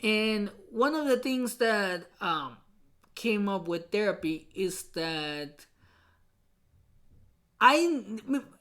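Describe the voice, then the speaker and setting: A woman hosting a podcast who tells a painful personal story, halting and repeating herself, with many fillers. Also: mid-range voice, lively intonation, fairly bright tone. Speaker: podcast host.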